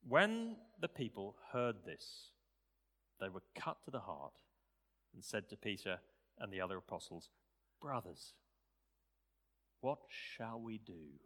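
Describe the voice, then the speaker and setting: A male preacher delivers a sermon in a lively, bright voice. He swings his pitch widely and drives certain phrases up to loud, emphatic peaks. The sound carries a long church-hall reverb. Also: slow, pauses often.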